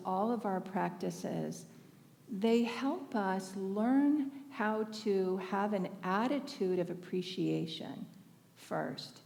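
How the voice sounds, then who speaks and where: Woman speaker, sermon by anecdote, chatty with frequent laughs, fry in the voice. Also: medium pitch, long reverb tail. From Northern California. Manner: conversational, laughs often, warm anecdotes. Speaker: speaker at a spiritual thanksgiving service. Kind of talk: storytelling sermon.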